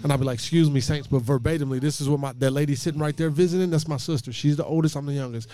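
A man in his late thirties, a pastor, telling a lively personal story with jokes and acted-out quotes. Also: fairly high pitch, very fast. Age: late 30s. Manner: lively, joking, acts out quoted voices.

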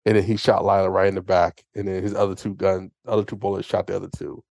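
A low-pitched man talks through a film in an excitable, rambling way, often slipping into quoted lines. His voice sits close and dry on the mic, with no room sound around it. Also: quick pace, vocal fry, dry recording. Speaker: podcast co-host. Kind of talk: casual movie review chat.

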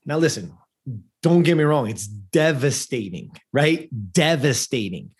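A man's voice: on the high side, big pitch swings, a little slow, breathy edge. A man in his fifties from California, a podcast guest telling a personal story in an earnest, conversational way, often restarting phrases and asking "right?". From Lancaster, California. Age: 50s.

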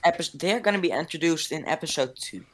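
A man's voice: a little high, lively intonation, fast, crowd noise. A young man co-hosting a podcast with friends, teasing bluntly and restarting his sentences a lot. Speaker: podcast co-host. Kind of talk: casual banter among friends.

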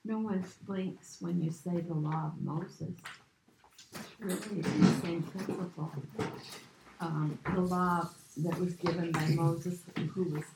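Slow gravelly woman in echoey room. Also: on the low side, steady tone. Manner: hesitant, slow, trailing off. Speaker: congregation member commenting. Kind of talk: casual remark in class. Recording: echoey room with background noise.

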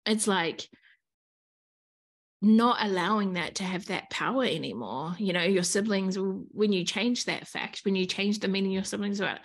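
A woman's voice: mid-range voice, moderate pace. A woman in her thirties hosting a podcast, talking earnestly and frankly in a casual motivational monologue, swearing freely. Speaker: podcast host.

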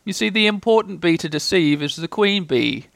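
A gentle, simple-minded storybook bear, as a man puts him on, talking slowly and earnestly with a lightly gravelly edge and a slightly raised voice. Each thought is weighed with ponderous care. The sound is close and dry. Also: high voice, expressive, no echo, pitched above the performer's own voice, heavily acted.

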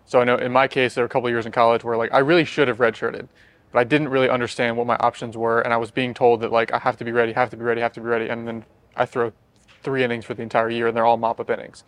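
A young man hosts a casual podcast, talking quickly and leading the questions. His pitch stays level and even throughout, with little rise or fall. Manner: quick, conversational, leads the questions. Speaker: podcast host.

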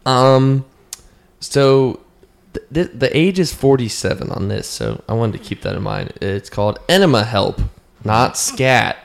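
A man co-hosting a casual comedy podcast, joking and animated as he reads and riffs on posts. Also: mid-range voice, unhurried, gravelly. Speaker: podcast co-host.

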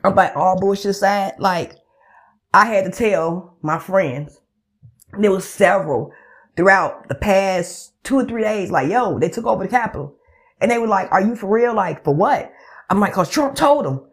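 This podcast host has a husky, mid-range voice and talks at normal speed. She rants animatedly with plenty of swearing, performing phone calls with friends as part of her casual commentary.

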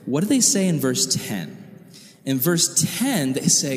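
Man, youth pastor, casual slangy preaching, slightly high voice, long hall reverb. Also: unhurried. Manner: animated and slangy, acts out quotes. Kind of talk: youth sermon.

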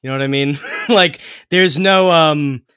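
A man's voice: fairly high pitch, a little slow, pushed and bright, clean tone, no echo, clean studio sound. A man hosting a podcast, explaining history in casual chat, with many fillers and restarts.

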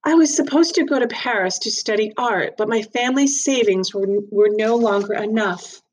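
A woman's voice: on the high side, normal speed, slight background noise, pitched above the performer's own voice, lightly acted. A woman reading as a careful, hesitant wife. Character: German-born wife, quiet and careful.

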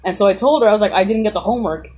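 Breathy teen girl telling stories. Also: medium pitch, racing, a little mellow. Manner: chatty, lots of fillers, swears freely. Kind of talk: casual storytelling.

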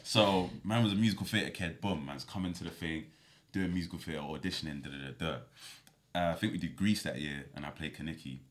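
A young man, an actor telling stories as a guest in a casual podcast chat, animated and full of slang. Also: deep voice, fairly quick.

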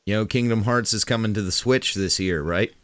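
A man co-hosting a podcast in casual chat, teasing his friends in a joking, deadpan way. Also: lowish voice, brisk, no echo. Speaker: podcast co-host.

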